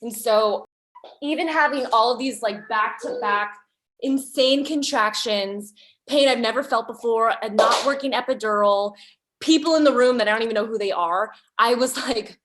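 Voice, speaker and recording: A young woman sharing her birth story as a podcast guest, lively and candid. Her voice sits a little higher than most, and she slips into quoted thoughts and asides as she goes. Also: normal speed.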